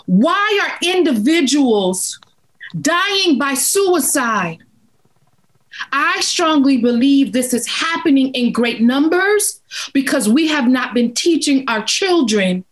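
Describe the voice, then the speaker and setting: Woman with a high voice and an unhurried delivery, talking about grief as a guest, firm and repetitive for emphasis. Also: animated, low-quality recording. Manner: slow, emphatic, repeats for emphasis. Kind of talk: interview, earnest advice.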